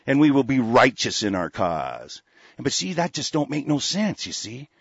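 Ranting about politics as a talk host, a man from Oregon, USA, is fiery, profane and all over the place, with a gravelly, husky, very animated mid-range voice. The pace is moderate, and the dull lo-fi close-mic recording has no room sound.

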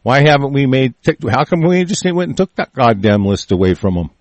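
A man's voice: medium pitch, expressive, a little fast, dry recording. A man rants into the mic in a furious, profane tirade, swearing at every turn and tripping over his own words. The sound is completely dry, with no room behind it. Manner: angry, crude, swearing constantly, repeats and restarts. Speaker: show host. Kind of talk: profane political rant.

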